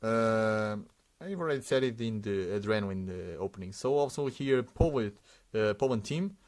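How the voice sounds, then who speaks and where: A man's voice: fairly low pitch, expressive, moderate pace, darkish tone. A man hosting a sticker unboxing, giving casual running commentary and reading out names one after another with frequent hesitations.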